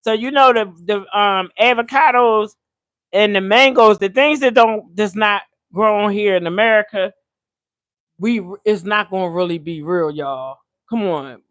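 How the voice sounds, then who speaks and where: A woman's voice: mid-range voice, a little slow, a bit bright, no echo. An older woman hosting a casual livestream from her home kitchen, a chatty, slangy storyteller who laughs often. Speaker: livestream host. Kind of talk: casual live-stream chat while cooking.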